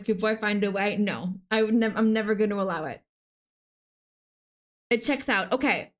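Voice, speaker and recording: A young adult woman streaming a video game live, chatting excitedly with her viewers and gasping often. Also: mid-range voice. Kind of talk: live gameplay stream chat.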